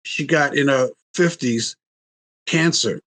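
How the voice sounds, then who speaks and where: A man in his sixties, a relationship coach, tells family stories during a casual interview. His voice is mid-range and his pace is slow. He's animated and acts out quotes in a raised voice.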